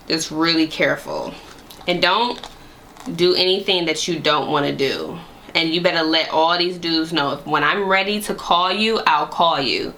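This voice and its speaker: A young adult woman vlogger telling a casual storytime, animated and sassy, full of slang and asides to her viewers. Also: sits low, slight background noise. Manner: animated, sassy, slangy retelling with frequent laughs.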